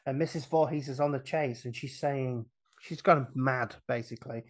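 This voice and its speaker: Animated man recapping a film. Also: mid-range voice, normal speed. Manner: animated plot recap, acts out the characters' lines, laughs often. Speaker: podcast guest retelling a film. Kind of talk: casual podcast chat.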